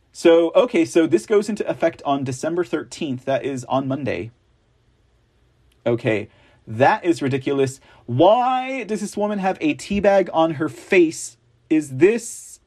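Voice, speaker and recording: A man's voice: on the high side, darkish tone. A man hosting a political news show, reading stories aloud with sarcastic, rambling, mocking asides. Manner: slow, drawn-out delivery.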